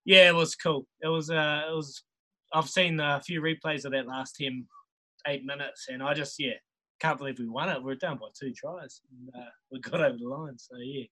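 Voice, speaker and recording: Laid-back New Zealand man, bright voice. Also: medium pitch, steady tone, normal speed, low-quality recording. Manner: laid-back, chuckles often, many restarts. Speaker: podcast guest, rugby player. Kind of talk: casual storytelling chat.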